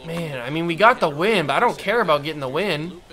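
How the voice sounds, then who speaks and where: Animated and fairly quick, a man gives casual commentary on a baseball video game he's playing. He has a bright, slightly high voice, muttering to himself before erupting in frustration.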